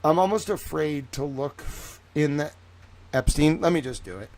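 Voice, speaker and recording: A man's voice: fairly high pitch, normal speed, a little mellow. A man giving rambling, reactive commentary on a livestream, swearing freely.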